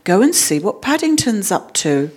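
A woman voicing a kindly, motherly middle-aged woman with a gentle, fussing manner in a storybook reading. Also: mid-range voice, sing-song, normal speed, slightly rough. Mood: impatient.

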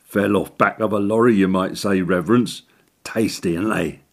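A man's voice: low-pitched, moderate pace. A man voicing a crafty old male church handyman who talks in broad working-class slang. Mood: sly.

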